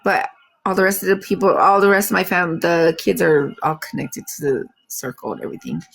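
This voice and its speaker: A woman's voice: lowish voice, fairly quick, gravelly, fairly bright tone, husky. A middle-aged woman hosting a live stream, chatting casually, laughing often and trailing off with fillers. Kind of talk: casual chat.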